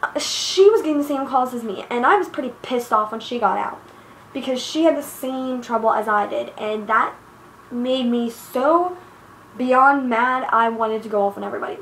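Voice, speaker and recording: A woman's voice: on the high side, moderate pace, a bit bright, a little hiss or hum. A teenage girl vlogging an angry, profane, rambling rant, recorded on a handheld device's built-in mic. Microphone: iPod built-in mic. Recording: echoey room recording.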